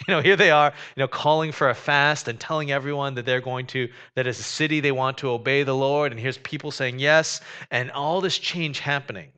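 A man preaching a sermon, conversational and animated, with joking asides. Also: medium pitch, a little fast, smooth. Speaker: pastor.

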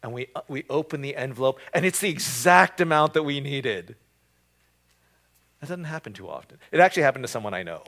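A man's voice: medium pitch, animated, brisk, creaky, fairly bright tone. A man preaching a casual sermon, with frequent fillers and repeated words. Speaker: pastor. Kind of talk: conversational sermon.

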